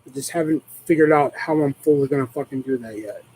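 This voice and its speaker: A man's voice: mid-range voice, quick pace, a little mellow, a little hiss or hum, rough recording. A man hosting a live stream, chatting casually in a rambling way and swearing constantly.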